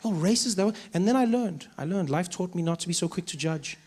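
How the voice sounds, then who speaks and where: A man with a South African accent, performing animated stand-up storytelling and switching between voices. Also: high voice, quick pace. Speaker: stand-up comedian. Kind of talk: stand-up comedy. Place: live comedy venue.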